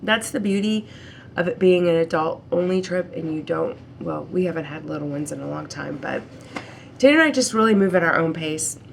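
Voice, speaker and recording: Stuffy middle-aged woman rambling to her vlog cam, lots of ums, kinda gravelly. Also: deep voice, normal speed, slight background noise. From Ohio, United States. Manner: chatty, rambling, frequent ums. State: stuffy-nosed from allergies. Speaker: vlogger. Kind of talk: casual vlog chat to camera.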